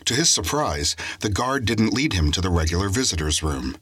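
A man narrating a crime story in a steady scripted audiobook reading. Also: low voice, moderate pace, slightly rough, dry recording.

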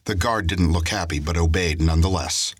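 A man reads a crime story aloud in steady, scripted audiobook narration. His voice sits very low with a husky grain. The sound is dry and close. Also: brisk, dry recording.

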